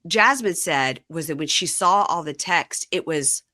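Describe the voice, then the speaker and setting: Brief: low-pitched, bright-toned woman, podcast host, dry close mic, acts out the quotes. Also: lively intonation, measured pace, dry recording. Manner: acts out reality TV quotes with big voice swings. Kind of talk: casual recap chat.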